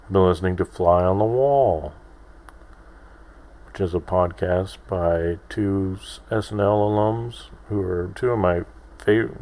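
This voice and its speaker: Man, 30s, solo podcast host; very deep voice, unhurried, self-deprecating ramble. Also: a little mellow. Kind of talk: casual solo podcast monologue.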